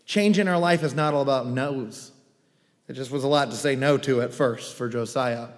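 A man preaching a sermon as pastor, animated, with joking asides and quoted voices. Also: medium pitch, moderate pace. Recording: long reverb of a hall.

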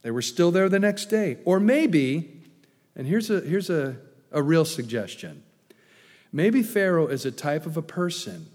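A man's voice: on the high side, darkish tone. A man preaching a sermon as a pastor, emphatic, with many rhetorical questions. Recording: long hall reverb.

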